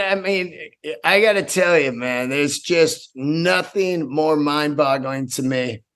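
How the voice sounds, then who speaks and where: A man in his fifties, a stand-up comedian hosting his own podcast, telling stories in an excitable, profane, rambling way with many restarts. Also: high-pitched, gravelly. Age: 50s. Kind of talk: casual solo podcast storytelling.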